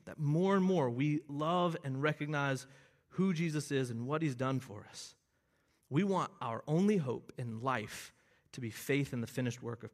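A man preaching an expository sermon, earnest and explanatory, rising to emphatic bursts on key phrases. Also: fairly high pitch. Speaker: pastor.

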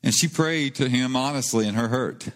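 Medium in pitch and speaking at normal speed, a male pastor gives an earnest, conversational sermon. He builds emphasis on key points, and the long reverb of a church hall surrounds his voice.

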